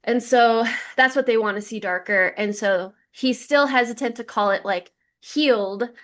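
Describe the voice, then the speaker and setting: Chatty, fairly high-voiced woman podcaster. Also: moderate pace. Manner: lively storyteller, many "like" fillers. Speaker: podcast co-host. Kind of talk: casual podcast chat.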